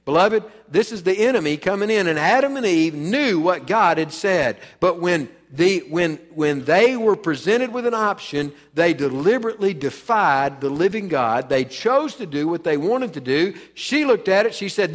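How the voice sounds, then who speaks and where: A man preaching a sermon in a church, dramatic and emphatic, acting out the voices he quotes and swinging from loud to soft. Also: sits high, lively intonation, moderate pace, hardly any pauses, in a large hall. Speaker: pastor. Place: church sanctuary.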